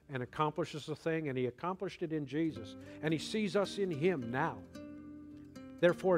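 A man delivers a sermon at a slow, measured pace, his voice sitting in an ordinary middle register. He builds to emphatic, forceful bursts before settling back down. A faint guitar plays softly behind him. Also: mid-range voice. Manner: slow, deliberate preaching that rises to emphatic bursts. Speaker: pastor.

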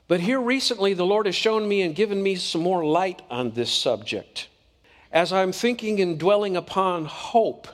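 A man's voice: sits high, big-room sound. A man preaching a sermon in an earnest, conversational way, often asking the congregation questions.

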